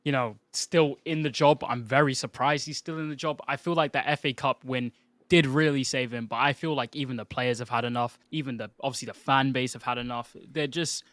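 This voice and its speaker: A man's voice: medium pitch, fairly even intonation, fairly quick, a bit bright, dry recording. A man speaking as a guest on a podcast, agreeable and easygoing, with some hesitant restarts. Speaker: podcast guest, content creator. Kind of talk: casual football podcast talk.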